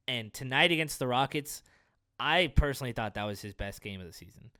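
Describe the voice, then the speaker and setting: Smooth-voiced man chatting basketball. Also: mid-range voice, expressive, fairly quick, bright, forceful tone, no room sound, clean studio sound. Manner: easygoing, agreeable, backchannels a lot. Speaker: podcast co-host. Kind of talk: casual sports chat.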